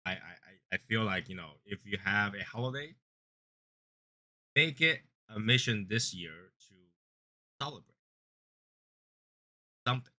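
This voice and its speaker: Expressive but a little slow, with long pauses, the host of a cigar review channel rambles earnestly in casual conversation. He repeats points, and he raises his voice louder and higher to act out callers who are angry.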